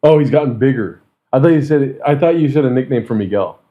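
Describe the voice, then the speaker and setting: A man's voice: medium pitch, fast talker, lo-fi sound. A young man hosting a podcast, chatting casually, joking, laughing a lot and swearing freely. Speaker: podcast host. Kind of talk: casual chat.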